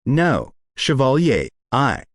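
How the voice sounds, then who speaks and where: Man voicing woman patient; hesitant, halting, dry close sound. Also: mid-range voice, huge pitch swings, dry recording. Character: hesitant adult woman in therapy.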